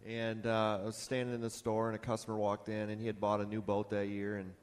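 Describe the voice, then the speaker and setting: A man's voice: fairly low pitch, completely flat delivery, fast talker, smooth. A man on a conference panel telling a rambling, casual anecdote about his boat store, acting out customers' lines. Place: conference hall. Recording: long hall reverb.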